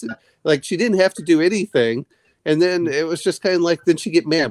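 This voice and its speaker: A man's voice: fairly high pitch, fairly quick, no echo. Rambling man telling stories, dry sound. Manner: rambling storyteller, repeats words. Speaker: podcast co-host. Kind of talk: casual late-night chat.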